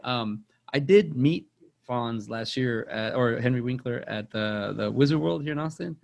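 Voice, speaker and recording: A man's voice: mid-range voice, normal speed, creaky, a little mellow. A young man, rambling through a casual movie chat on a podcast and repeating words as he tells stories. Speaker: podcast co-host.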